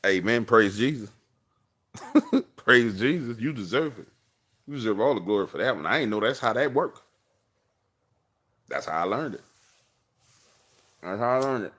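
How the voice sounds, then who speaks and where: A man hosting a livestream from his car, telling a personal story in a slangy, animated way and acting out the dialogue. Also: medium pitch, normal speed, pauses often, husky. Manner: slangy, acts out dialogue, laughs often. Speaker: livestream host.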